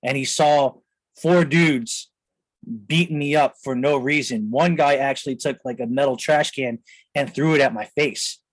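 A man's voice: mid-range voice, normal speed, no room sound, low-quality recording. A man in his thirties hosting a podcast, telling a personal story in a rambling way full of fillers, recorded on a close mic in a studio. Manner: rambling, filler-heavy, with "you know" and "like". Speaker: podcast host. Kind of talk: casual storytelling.

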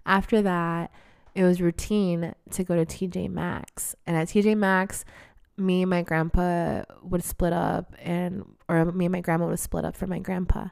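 A woman's voice: lowish voice, little pitch movement, measured pace, creaky, darkish tone, clean tone, no room sound, clean studio sound. A woman in her twenties telling candid stories in a casual monologue. She swears freely and laughs often. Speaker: vlogger.

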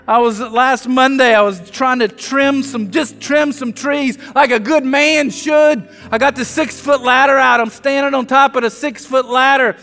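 High-voiced pastor in a reverberant hall. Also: male voice, measured pace, few pauses, soft background music. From South Louisiana. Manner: animated storytelling, self-mocking humor. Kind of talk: sermon.

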